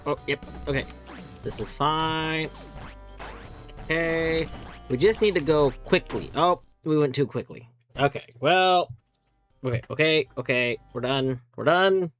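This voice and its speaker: Narrating each move of a live game session at a measured pace, a streamer with a mid-range voice lets out abrupt yelps when things go badly. Soft background music accompanies the chat.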